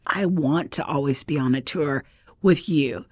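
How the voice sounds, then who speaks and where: Woman host, low-ish voice, encouraging chat, dry close mic. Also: unhurried, dry recording. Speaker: podcast host. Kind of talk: casual interview chat.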